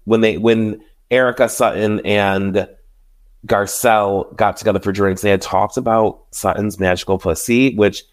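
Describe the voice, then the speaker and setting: A man's voice: on the low side, normal speed. A man hosting a podcast, chatting casually and animatedly as he recaps reality TV, acting out what people said. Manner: chatty, animated retelling with quoted voices. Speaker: podcast host. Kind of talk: casual solo recap chat.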